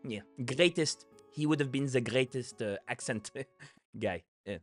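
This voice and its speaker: A man's voice: medium pitch, normal speed, over music. A young French man with a French accent, hosting a reaction video and playfully explaining pronunciation. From France. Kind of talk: casual commentary.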